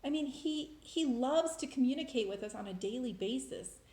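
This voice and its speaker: A woman's voice: high voice, lively intonation, moderate pace, dark tone. A woman telling a personal faith story in a casual, emotional, rambling way, with many restarts. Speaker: vlogger sharing faith experiences. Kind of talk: casual testimony monologue. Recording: roomy echo.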